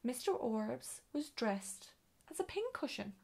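A woman reads a children's storybook aloud, her voice gravelly and somewhat high. She reads at an ordinary pace and now and then stumbles and corrects herself. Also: very animated, measured pace, a little mellow. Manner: reading with occasional slips and self-corrections.

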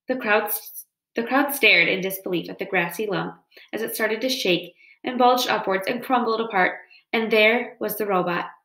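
A woman's voice: mid-range voice, moderate pace, a bit bright. A woman reading a children's novel aloud in a storytelling manner. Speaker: reader. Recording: roomy echo.

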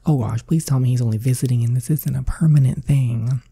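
A man's voice: mid-range voice, brisk, gravelly, warm tone, husky, no echo. A man reading as an exasperated teen cheerleader. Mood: upset. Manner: exasperated, sarcastic. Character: dramatic teenage girl cheerleader, sharp-tongued.

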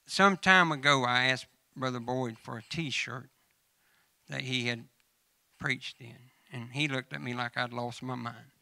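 A man's voice: mid-range voice, measured pace, vocal fry, pushed and bright, no room sound. A man with a Southern American accent preaching a folksy sermon, telling funny stories and addressing church members by name. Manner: humorous storytelling mixed with scripture reading.

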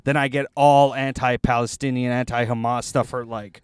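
A man's voice: mid-range voice, level tone, normal speed, smooth, no room sound, clean studio sound. A man co-hosting a podcast, chatting casually from inside a car. He laughs often and stops and starts a lot, with plenty of ums and uhs. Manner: laughs often, hesitant with many fillers. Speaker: podcast co-host. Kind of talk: casual chat.

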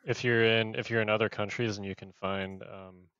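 A man's voice: fairly low pitch, little pitch movement, moderate pace, a bit bright, clean tone, dry recording, highs cut off. A man hosting a casual podcast, upbeat and full of fillers. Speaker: podcast host.

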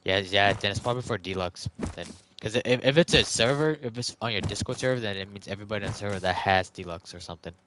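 A man's voice: fairly low pitch, quick pace, hardly any pauses, noisy background. A young man in casual gaming voice chat, crude and trash-talking with plenty of swearing.

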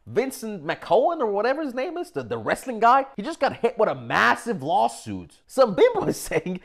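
A man's voice: high-pitched, wildly swooping pitch, normal speed, vocal fry, a bit bright. A man giving a brash, profane motivational rant who keeps slipping into mocking voices. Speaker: motivational speaker.

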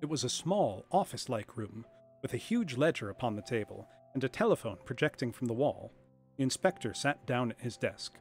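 A man reading a classic detective story aloud on a livestream, in a measured, expressive narration. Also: mid-range voice, faint music behind.

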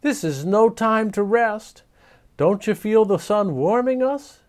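A man's voice: high-pitched, lively intonation, slow, pitched above the performer's own voice. A man reading a storybook aloud, voicing a cheerful, eccentric woman science teacher who quizzes her class. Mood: cheery. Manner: bright, encouraging, quizzing the class.

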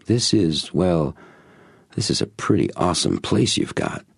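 A man's voice: sits low, big pitch swings, measured pace, vocal fry, slightly rough, no echo, studio quality, voice pushed up, exaggerated voice. A man voicing a nervous, defensive younger man in an audiobook, easily flustered. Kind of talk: audiobook reading.

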